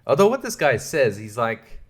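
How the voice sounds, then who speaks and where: Male podcast host, mid-pitched, foul-mouthed ranter who laughs at his own points. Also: big pitch swings, normal speed. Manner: profane, ranting, laughs often; drops to hushed asides. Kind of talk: solo podcast rant.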